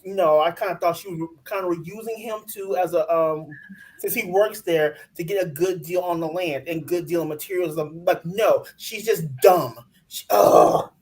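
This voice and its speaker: Blunt, ranting woman with a low voice. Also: steady tone, moderate pace, darkish tone. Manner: blunt, exasperated ranting with mock quotes. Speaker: co-host of a reality TV recap show. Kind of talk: casual chat.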